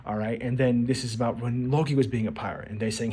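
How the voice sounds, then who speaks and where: A man's voice: mid-range voice, steady tone, fast talker, few pauses, warm tone, a little hiss or hum. A man giving casual video commentary on an anime, rambling and restarting his words as he acts out quotes.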